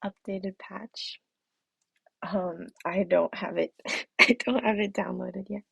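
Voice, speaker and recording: A woman's voice: medium pitch, fairly even intonation, slow pace, creaky, fairly bright tone, husky, no room sound. A young woman chatting casually on her live stream, giggly, with a throat that feels off and the odd whispered aside. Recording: dull, muffled stream audio.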